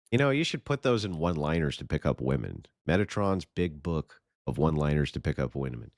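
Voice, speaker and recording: Male co-host, very low with fry, sarcastic banter, dry close sound. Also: big pitch swings, a little fast, few pauses, no room sound. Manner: sarcastic, mocking. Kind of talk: casual commentary chat.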